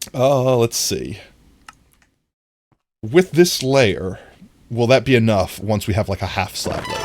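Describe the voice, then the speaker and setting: A live streamer in casual gameplay chat, playful and giggly, often jumping into a squeaky high voice, talking into a desk microphone. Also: expressive, slow, long pauses, darkish tone.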